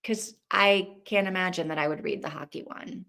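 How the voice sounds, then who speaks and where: A woman's voice: fairly low pitch, moderate pace, gravelly, bright, forceful tone. A woman hosting a live reading stream, chatting casually and thinking aloud, rambling with restarts. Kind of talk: casual livestream chat.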